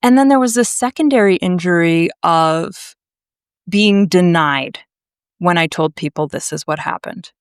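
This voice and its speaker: A woman from Massachusetts, a naturopathic doctor, telling her story to a podcast host in a blunt, animated way. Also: lowish voice, measured pace, clean tone, no room sound, clean studio sound. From Massachusetts, USA. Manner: animated, emphatic, blunt, swears freely. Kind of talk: conversational storytelling.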